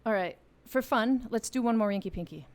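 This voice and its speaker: Her voice is on the high side, animated and a little fast. She hosts a live game for her music channel from a home music room, walking viewers through the rules in a chatty, playful way on a studio microphone.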